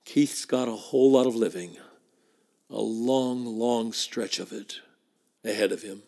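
Guy hosting a podcast, talks real slow, gravelly voice, reads letters like a heartfelt tribute. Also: fairly low pitch, mellow. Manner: measured, emphatic repetitions. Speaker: podcast host. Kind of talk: spoken tribute and letter reading.

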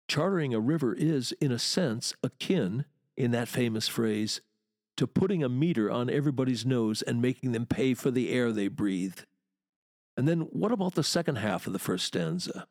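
A man giving a poetry lecture, speaking deliberately and leaning hard on key words. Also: medium pitch, expressive, a little mellow, no echo, studio quality. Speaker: literature teacher.

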